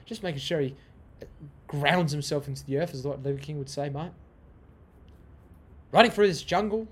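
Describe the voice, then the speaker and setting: A young podcast host talks at a normal speed in a fairly high voice with a breathy edge. His casual monologue is profane and rambling, looping back on itself and veering off on tangents.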